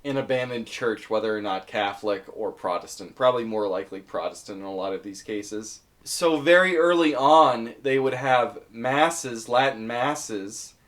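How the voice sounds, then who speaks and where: A man's voice: medium pitch, moderate pace, few pauses, fairly bright tone. A man giving casual commentary as he explains topics one by one, conversational and thinking aloud with some fillers. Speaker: video essayist.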